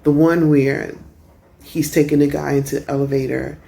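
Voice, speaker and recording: A middle-aged woman tells stories in a relaxed, chatty vlog, sitting out on a porch. Her voice sits low and warm, and she keeps it animated with frequent laughs. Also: moderate pace, gravelly. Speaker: vlogger. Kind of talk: casual storytelling vlog. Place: outdoor porch in the rain.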